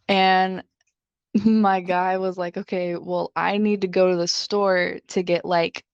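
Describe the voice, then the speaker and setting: A young woman co-host tells a personal story in a loose, rambling way, filling her sentences with "like". Her voice sits a little low for a woman. The recording is dull and lo-fi, with a dry, close sound. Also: flat delivery, slow pace, smooth, dry recording. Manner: chatty, leans heavily on filler "like". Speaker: podcast co-host.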